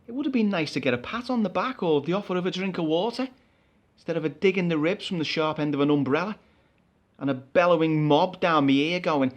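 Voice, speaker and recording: A man's voice: high-pitched, lively intonation, fairly quick. A man performing a comic stage monologue as a chatty, exasperated storyteller. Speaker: actor.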